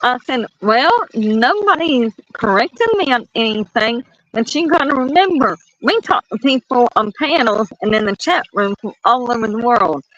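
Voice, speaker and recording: A woman's voice: a little high, normal speed, few pauses, dull audio. A woman with a Southern American accent, chatting on an online panel and telling stories with acted-out quotes and frequent laughter. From Southern United States. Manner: animated storyteller, acts out quotes, laughs often. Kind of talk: casual panel chat.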